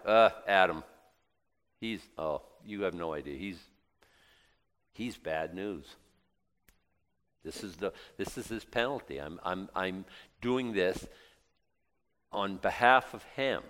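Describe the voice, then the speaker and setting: A man preaching a sermon, reading scripture aloud and breaking into lively acted asides. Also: lowish voice, takes it slowly, long pauses, long reverb tail. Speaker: pastor.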